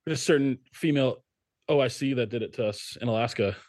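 A man's voice: medium pitch, fast, a little mellow, no echo, clean studio sound. A man co-hosting a podcast, wisecracking and chiming in during casual banter. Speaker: podcast co-host.

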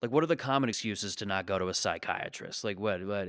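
Low-voiced man in an exasperated comedy rant. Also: brisk, fairly bright tone, dry recording, clean studio sound. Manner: exasperated ranting, profane, self-deprecating. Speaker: stand-up comedian. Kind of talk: stand-up rant.

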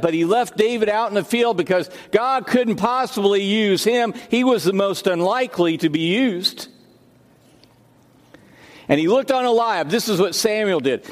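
A pastor delivers a sermon in a fairly high voice, often repeating his words and restarting phrases as he tells his stories. His voice carries a long reverb from a church sanctuary. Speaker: senior pastor.

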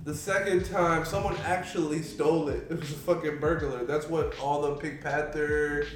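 A man in a casual podcast chat with a slightly high voice, arguing his points and telling stories with plenty of swearing. He sounds far from the mic in a strongly echoing room, with faint music underneath. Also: level tone, normal speed. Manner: argumentative storyteller, profane. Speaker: podcast co-host.

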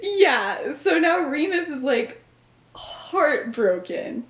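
A young woman with a voice pitched a little high chats through a story recap, peppering her sentences with "like" and breaking into laughter. She sounds like a podcast co-host recorded in a roomy space with a noticeable echo. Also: lively intonation, a little slow. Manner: chatty, filler-heavy with frequent "like" and laughter. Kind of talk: casual chat retelling a story. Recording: roomy echoey room.

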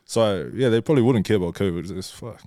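A man's voice: on the low side, quick pace, warm tone, no room sound, clean studio sound. A young man with a New Zealand accent, a podcast guest who talks candidly, swears freely and laughs often in casual chat. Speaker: guest, social media influencer.

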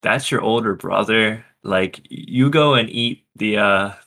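Podcast guy, kinda low voice but bright and punchy, excited, says like constantly. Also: a little slow. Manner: enthusiastic, laughs often, lots of "like". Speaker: podcast co-host. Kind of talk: casual chat reviewing a TV episode.

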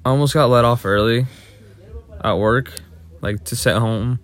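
A man's voice: medium pitch, fairly even intonation, unhurried. A young man co-hosting a podcast, casually telling a long, profane story about work. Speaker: podcast co-host. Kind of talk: casual chat.

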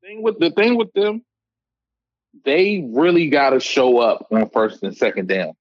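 A man's voice: fairly high pitch, unhurried, dry recording, highs cut off. A man in casual sports chat, teasing his co-host with laid-back banter.

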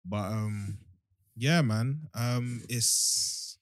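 A man's voice: mid-range voice, very slow, no echo, clean studio sound. A young man chatting casually on a podcast, rambling with lots of fillers. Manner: laid-back, rambling with many fillers. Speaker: podcast co-host. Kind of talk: casual chat.

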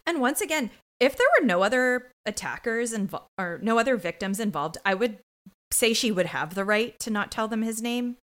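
A woman's voice: fairly high pitch, animated, moderate pace, a bit bright. A woman co-hosting a podcast, giving indignant, opinionated commentary on a TV episode in casual chat. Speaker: podcast co-host.

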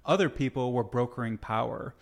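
Male co-host, mid pitch, gravelly, reflective casual chat. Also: a little fast. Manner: reflective, theorizing, frequent short agreements.

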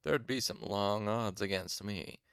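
A man's voice: lowish voice, moderate pace, gravelly, no echo, studio quality. A man reading a grizzled, wry older student. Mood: mumbling. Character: grizzled wild-haired man over fifty, weary and wry.

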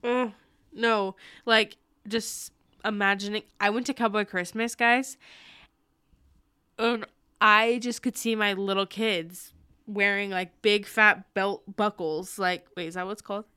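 Excitable young woman chatting on a call. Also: medium pitch, clear, resonant tone, no room sound, studio quality. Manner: excitable, rambling, quick to laugh. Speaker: podcast co-host. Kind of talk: casual chat over a video call. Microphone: video call.

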